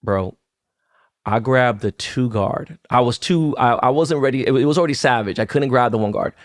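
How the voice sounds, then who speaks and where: A man's voice: medium pitch, normal speed. A man in his fifties telling a story on a podcast in casual, profane slang, acting out quoted lines. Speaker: podcast co-host.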